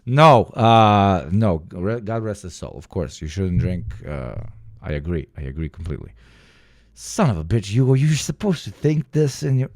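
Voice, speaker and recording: A man streaming live, reacting to clips with profane, excitable chat that swings from mumbles to shouts. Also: lowish voice, moderate pace, no echo, studio quality. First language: Serbian.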